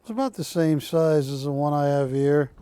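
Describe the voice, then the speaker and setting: A man's voice: a little high, normal speed, dark tone, clear, resonant tone, dry recording. A man hosting a live home shopping show, talking in a rambling, jokey way and often correcting himself. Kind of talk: live sales pitch. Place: TV shopping studio.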